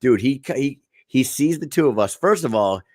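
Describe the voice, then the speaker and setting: A man co-hosting a casual podcast, telling stories in an animated, profane way. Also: medium pitch, moderate pace, no room sound, clean studio sound. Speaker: podcast co-host.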